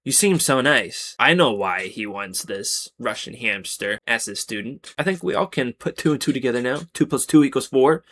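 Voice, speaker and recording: A man's voice: medium pitch, lively intonation, normal speed, few pauses, fairly bright tone. A man reading out Reddit posts and breaking in with sarcastic, exasperated commentary in a casual chat style. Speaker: Reddit story narrator.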